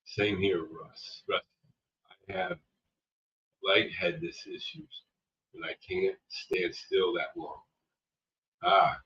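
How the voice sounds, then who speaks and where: Deep-voiced man chatting on a livestream. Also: big pitch swings, slow, gravelly, pauses often, sharp tone. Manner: rambling, chatty, addresses viewers by name. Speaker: livestream host. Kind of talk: casual livestream chat reading viewer comments. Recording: dull lo-fi stream audio, distant from mic.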